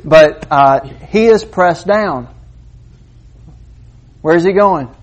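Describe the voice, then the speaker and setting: A man preaching a sermon, moving between quiet asides and loud, emphatic points. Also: fairly high pitch, very slow. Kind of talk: sermon with demonstration.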